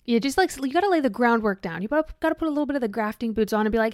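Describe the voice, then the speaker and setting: Chatty woman podcast co-host, slightly high. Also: expressive, very fast, hardly any pauses, darkish tone, no echo, clean studio sound. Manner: chatty, laughs often, reads listener stories aloud. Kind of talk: casual podcast chat.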